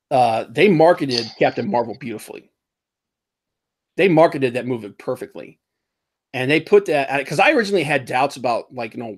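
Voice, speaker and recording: A man hosting a casual pop-culture podcast, rambling and animated, often laughing as he mocks what he talks about. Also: medium pitch. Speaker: podcast host.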